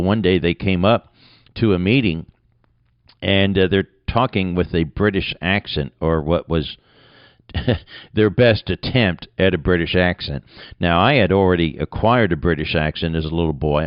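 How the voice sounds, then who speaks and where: A man's voice: low-pitched, no echo, lo-fi sound. A man with an American accent, a radio broadcaster and preacher giving an earnest, plain-spoken conversational sermon.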